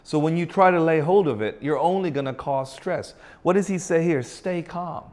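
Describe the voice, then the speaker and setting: A man preaching a sermon, emphatic and asking his listeners rhetorical questions, and drawing out key phrases slowly. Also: on the high side, a little mellow. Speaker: pastor.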